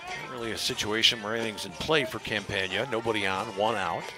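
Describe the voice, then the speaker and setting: A man giving live play-by-play commentary on a softball game, measured and analytical, at times rising to shouts on big plays. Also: on the low side, music in the background. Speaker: play-by-play announcer.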